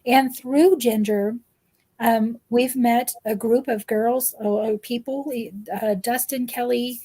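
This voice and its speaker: Earnest woman, mellow higher voice. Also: steady tone, slow pace. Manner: earnest, emotional, repeats herself. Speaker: guest parent. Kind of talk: heartfelt live-stream chat.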